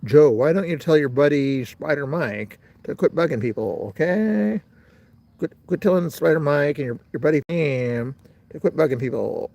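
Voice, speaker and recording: A man voicing a bossy 1920s gangster, giving orders in a gruff, pushy tone. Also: a little high, normal speed, mellow.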